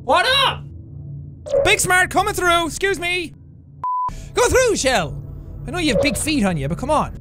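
A man doing loud, goofy commentary while playing a game, excitable and prone to shouting. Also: very high voice, moderate pace, long pauses. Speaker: gaming commentator. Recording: game audio and music behind.

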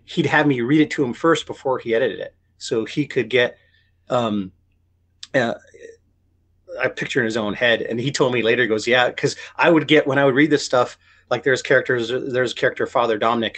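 A man's voice: mid-range voice, a bit bright. A male writer being interviewed, talking in a rambling way full of restarts and self-corrections, and acting out other people's words in quoted voices. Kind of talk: casual interview chat.

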